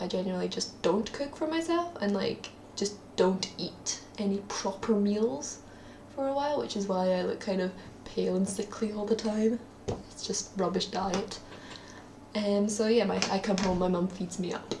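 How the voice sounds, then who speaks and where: A woman's voice: medium pitch, darkish tone, echoey room, slight background noise. A young woman with a Scottish accent, chatting in a rambling, self-deprecating way for her daily video diary, with lots of ums. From Scotland. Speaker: vlogger. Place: at her parents' home, indoors.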